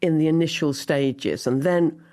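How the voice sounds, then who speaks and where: An older woman, a guest actress on a podcast, telling animated stories with frequent laughter. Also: low-pitched, measured pace. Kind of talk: podcast interview.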